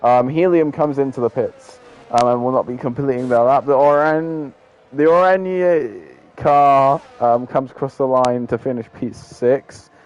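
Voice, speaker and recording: A man's voice: mid-range voice, steady tone, normal speed, a little mellow, highs cut off. A man giving casual live commentary on a sim race, with lots of filler ums and a loose, chatty way of talking.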